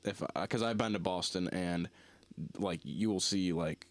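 A young man with a Northeastern US accent and a low voice talks loosely as a podcast co-host. He trails off and restarts often, and the recording is dry and close, with no room sound. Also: no room sound. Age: young adult. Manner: rambling, halting, many restarts and fillers. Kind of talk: casual chat.

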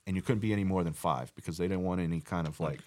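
A young man, a podcast guest, telling stories in casual chat with halting restarts. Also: low-pitched, a little mellow.

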